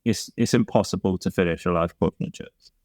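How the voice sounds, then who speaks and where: A man's voice: deep voice, brisk, a little mellow, no echo. A man as a podcast guest in casual chat, laid-back and matter-of-fact with dry humour. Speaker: podcast guest, band member.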